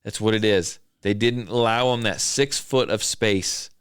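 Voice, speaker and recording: A man with a fairly low, smooth voice takes his time hosting a casual podcast chat from a home studio. He's from southern Idaho and rambles wryly, ticking through lists. The sound is clean studio quality with no echo.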